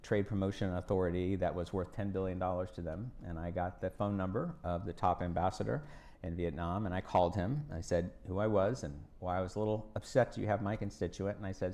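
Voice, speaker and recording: This is a deep, steady, somewhat mellow male voice moving at a fairly quick pace. The speaker, a former U.S. congressman invited as a guest, gives a storytelling talk in a university event hall, sharing folksy stories with performed quotes and advice for students.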